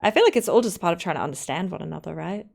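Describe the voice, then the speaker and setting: A young Australian woman chatting casually on a live stream while editing her own video, with quick self-reflective asides. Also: fairly low pitch, lively intonation, gravelly, a little mellow.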